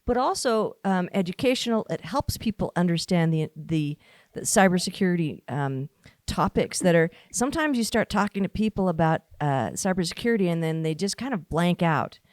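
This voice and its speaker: A woman's voice: lowish voice, expressive, normal speed, no echo, studio quality. A woman hosting a podcast, agreeable and encouraging, with many fillers and restarts. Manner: warmly agreeing, filler-heavy. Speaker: podcast host. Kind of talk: casual podcast conversation.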